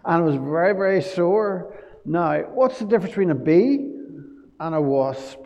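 A man giving a children's talk at a church service, telling stories gently and asking the children questions. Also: high voice, expressive, normal speed, vocal fry, long reverb tail, highs cut off.

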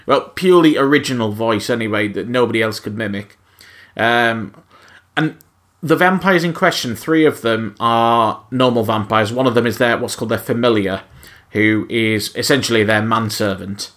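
A man co-hosting a podcast in a loose, casual way. He hesitates often and gropes for the right word. His voice sits at an ordinary, middle pitch. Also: moderate pace, few pauses, fairly bright tone. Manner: hesitant, searching for words. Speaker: podcast co-host.

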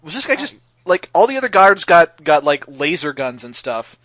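A man's voice: on the high side, very animated, moderate pace, a bit bright, no echo. A man co-hosting a podcast, chatting casually about a cartoon and asking jokey, playful questions. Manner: enthusiastic, jokey, asks playful what-if questions. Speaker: podcast co-host. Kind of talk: casual chat recapping a cartoon episode.

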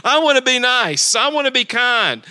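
Bright-voiced, high-pitched male pastor preaching. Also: very animated, moderate pace, smooth. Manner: emphatic, repetitive preaching with rhetorical questions. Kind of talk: sermon. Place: church sanctuary.

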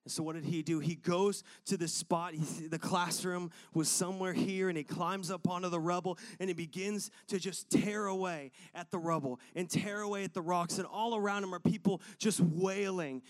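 A man preaching a sermon, telling a personal story with lively acted-out voices and frequent laughter. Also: high voice, moderate pace, hardly any pauses. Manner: animated, acts out voices and laughs often. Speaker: pastor.

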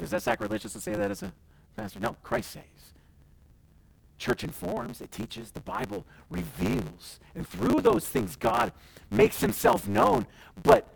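A male pastor preaching a sermon in a church, with passionate delivery that swings between loud declarations and hushed asides, often acting out quoted voices. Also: high-pitched, animated, measured pace, gravelly, pauses often, rough recording.

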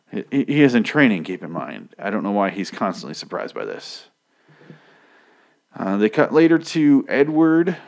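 A man with a very low voice talks his way through a TV episode in a loose, off-the-cuff recap. He swears freely and drifts into joking side comments as he goes. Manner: rambling and profane, with joking asides.

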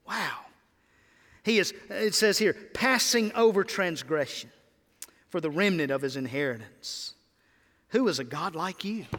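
High-voiced impassioned man preaching in a hall. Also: expressive, a little slow, bright, forceful tone. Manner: impassioned, pleading preaching with sudden rises. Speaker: pastor. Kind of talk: sermon.

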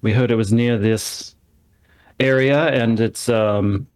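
A man's voice: medium pitch, steady tone, slow, dry recording. A man playing in a tabletop game, easygoing and polite as he speaks for his character. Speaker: player. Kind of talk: tabletop role-play.

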